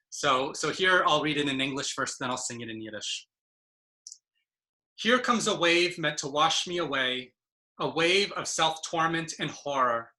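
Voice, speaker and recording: A woman's voice: low-pitched, bright, forceful tone. A woman poet on a video call, giving an impassioned, emphatic spoken-word reading of her own poetry. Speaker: poet and presenter.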